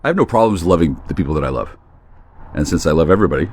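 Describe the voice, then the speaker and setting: A man's voice: very deep voice, expressive, rapid-fire, darkish tone, slightly rough. A man hosting a solo talk stream, rambling in a crude, sardonic way. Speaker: host.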